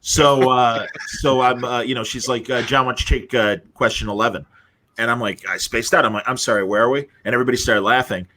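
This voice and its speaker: A man with a bright, forward voice telling a story on a casual podcast. He jumps in and out of the quoted voices of the people in it, keeping the tone loose and chatty. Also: medium pitch, fairly even intonation, fairly quick. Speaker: podcast co-host.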